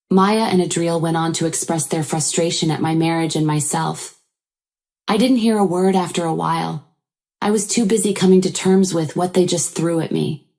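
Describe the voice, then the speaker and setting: Woman narrator for a first-person drama story, low pitch, mellow tone, steady read.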